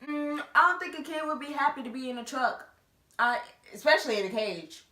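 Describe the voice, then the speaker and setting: A young woman casually telling a school story on her vlog, animated and quick to laugh, with slangy asides. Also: sits high. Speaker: storytime vlogger. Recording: roomy echo.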